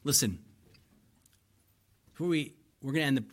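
A man's voice: mid-range voice, moderate pace. A man preaching a sermon as pastor, earnest and pleading, repeating lines for emphasis and getting emotional.

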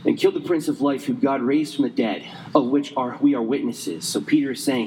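A man preaching a sermon conversationally, quick in places and slow and emphatic in others, saying he is losing his voice. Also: medium pitch, a little mellow, long reverb tail, a little hiss or hum, poor audio. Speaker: pastor.

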